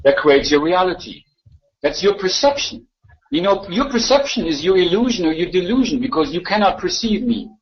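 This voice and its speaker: High-voiced man ranting in voice chat. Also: big pitch swings, a little fast. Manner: argumentative, repetitive, mocking. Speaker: chat room speaker. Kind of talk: live voice chat rant. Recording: dull lo-fi voice chat audio.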